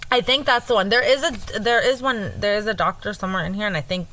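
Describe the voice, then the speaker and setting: Sex: woman. Role: chatty podcast storyteller. Pitch: medium. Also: fast, pushed and bright, low-quality recording. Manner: chatty, self-correcting, laughs at herself. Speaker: podcast co-host. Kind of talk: casual storytelling from notes.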